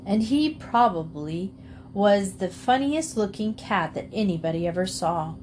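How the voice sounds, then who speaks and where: A woman reading a children's storybook aloud in a calm, measured way. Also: mid-range voice, slight background noise. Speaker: storybook reader.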